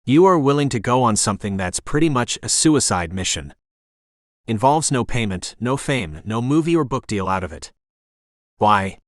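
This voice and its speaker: Narrator dude doing a sarcastic gruff officer, brusque, snappy questions. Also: male voice, medium pitch, very animated, moderate pace, no echo, clean studio sound, close to an everyday voice.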